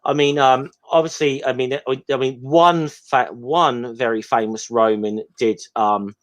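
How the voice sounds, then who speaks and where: A man's voice: medium pitch, fairly even intonation, unhurried. A man, co-hosting a casual film commentary chat, hesitant and rambling with many ums. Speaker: podcast co-host.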